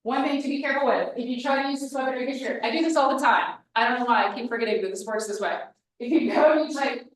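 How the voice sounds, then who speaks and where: A woman with a slightly high voice gives a casual workshop talk, chatty and lively. She acts out little quoted reactions as she explains. The sound is roomy and echoey, picked up from a distance. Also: quick pace, few pauses. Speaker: workshop presenter. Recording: echoey room, mic from far off.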